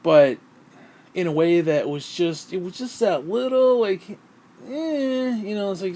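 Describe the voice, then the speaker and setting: A man's voice: sits high, expressive, moderate pace, dark tone. A man talking through a profane, rambling vlog monologue, short of breath and sighing often. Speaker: vlogger.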